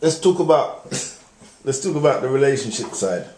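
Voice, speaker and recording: Male interviewer, short prompting questions; middle pitch, roomy echo. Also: expressive, normal speed, mellow. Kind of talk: casual interview. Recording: echoey room.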